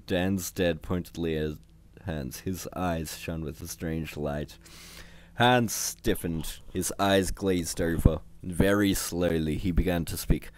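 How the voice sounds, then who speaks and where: A man's voice: sits low, slow, no echo. A man casually reading a parody novel aloud on a home livestream, stumbling and correcting himself now and then. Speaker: amateur reader.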